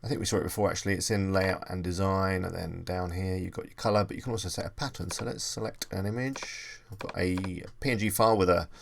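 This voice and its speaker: A man's voice: low voice, fairly even intonation, fast, creaky, few pauses, a little hiss or hum. A man presenting a screen-recorded web design tutorial, casually thinking aloud as he clicks through each step. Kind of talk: screen-recorded software walkthrough.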